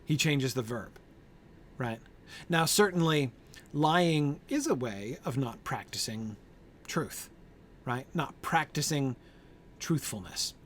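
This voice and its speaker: Male Bible study leader, mid pitch, conversational, halting, lots of fillers. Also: animated, a little hiss or hum. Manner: thinking aloud with many fillers and "right?" checks; answers group members by name. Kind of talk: informal Bible study discussion.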